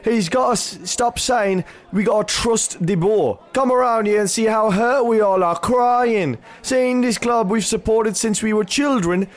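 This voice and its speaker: Man voicing a furious English football supporter, high-pitched rant for a comic bit. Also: a little slow, few pauses. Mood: aggrieved. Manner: ranting, repeats a wrong name. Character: angry middle-aged English football fan. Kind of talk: comedy sketch.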